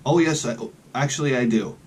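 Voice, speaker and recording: A man's voice: medium pitch, brisk, a little mellow, slightly rough. A man rambling in a casual vlog outdoors, chatting with joking asides about his collection. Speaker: collector vlogger.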